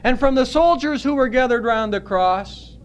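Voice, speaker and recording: A man preaching a sermon as pastor, earnest and emphatic, stretching out his words with pauses. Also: very high-pitched, smooth, highs cut off.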